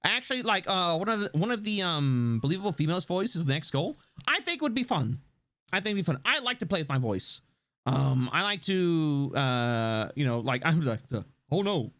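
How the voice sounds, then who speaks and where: A theatrical male streamer with a gravelly, fry-laden voice that swoops up and down through a wide, lively pitch range. He chats casually with his audience in a dry, close-miked sound with no room echo. His voice sits somewhat high for a man. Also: a little fast. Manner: theatrical, swoops between a bright stream voice and a low gravelly one. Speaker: live streamer. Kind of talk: casual live-stream chat answering chat.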